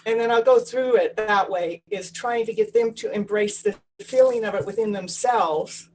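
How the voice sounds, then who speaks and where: A woman's voice: medium pitch, normal speed, darkish tone, a little hiss or hum, rough recording. A woman hosting her own talk show, chatting in an eager, affirming way. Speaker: show host. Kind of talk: casual conversational interview.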